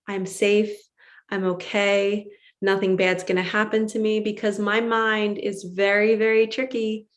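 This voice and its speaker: A middle-aged woman speaks straight to her viewers as a spiritual coach. She is earnest and emphatic and sometimes acts out her own inner voice. Her voice sits at an ordinary pitch for a woman. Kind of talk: motivational monologue to viewers.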